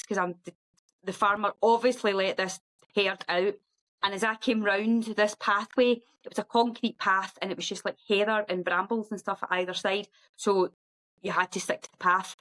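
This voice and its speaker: A middle-aged woman, a guest on a podcast, telling a story in a lively, animated way and acting out other people's voices. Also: rough recording. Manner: lively, acts out quoted voices in a high sing-song. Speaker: guest ultra runner.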